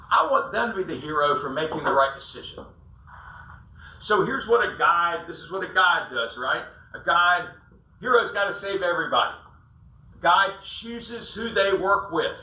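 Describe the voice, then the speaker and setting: A man's voice: on the high side, pushed and bright. A man giving a casual sales talk to an audience, telling stories and acting out quotes in a folksy way. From South Carolina. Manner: storytelling, acts out quotes, folksy asides. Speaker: sales coach speaker. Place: roomy event hall. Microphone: distant room mic. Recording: echoey room, voice from far off.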